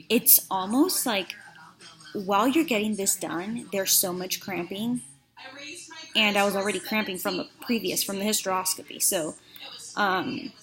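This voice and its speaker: A woman's voice: mid-range voice, a bit bright. A woman vlogging a frank personal story in a chatty, casual way, with many fillers. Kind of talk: candid personal vlog storytelling.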